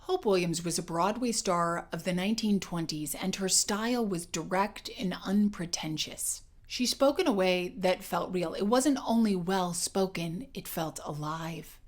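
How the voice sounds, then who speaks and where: A woman voice coach giving a scripted educational narration in a clear, measured and emphatic way. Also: fairly low pitch, a little hiss or hum.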